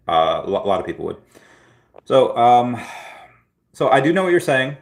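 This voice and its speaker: This livestream host has a medium-pitched voice with big pitch swings, speaking at a normal speed and pausing often. He rambles casually through chat questions, frequently restarting and repeating words.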